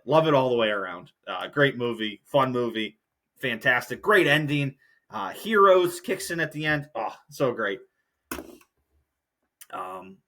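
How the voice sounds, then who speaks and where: A man's voice: mid-range voice, fairly bright tone. A young man hosting a solo podcast, ranting in a heated, profane, rambling way. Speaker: podcast host.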